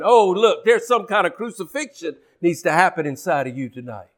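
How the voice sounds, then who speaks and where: Male preacher, high voice, fervent sermon delivery with repeated phrases and acted-out quotes. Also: animated, a little fast, few pauses. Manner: impassioned, repeats and restarts phrases, acts out quoted speech.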